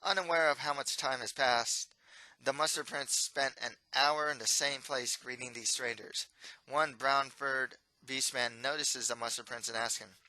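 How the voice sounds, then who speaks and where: Man, author reading his own story, steady, very bright voice, dry close sound. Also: medium pitch, measured pace, dry recording, rough recording.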